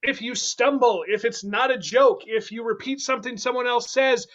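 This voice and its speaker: A man hosting an online improv comedy game, playful and quick, with laughing asides. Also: extremely high pitch, fairly bright tone, muffled recording.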